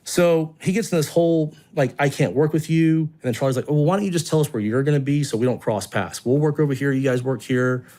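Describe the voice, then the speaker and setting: A man's voice: mid-range voice, quick pace, hardly any pauses. A man who volunteers in rescue work, telling a story in an interview and acting out what people said. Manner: animated, acts out quotes.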